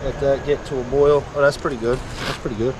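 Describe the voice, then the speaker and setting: A man's voice: mid-range voice, steady tone, fast, background noise. A man talking casually to his camera outdoors by his truck, rambling with lots of fillers as he tells a story. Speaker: volunteer vlogger.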